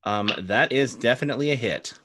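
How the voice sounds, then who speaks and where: A man's voice: mid-range voice, a little fast, sharp tone, no room sound. A man running a tabletop game as game master, playful and teasing with his players.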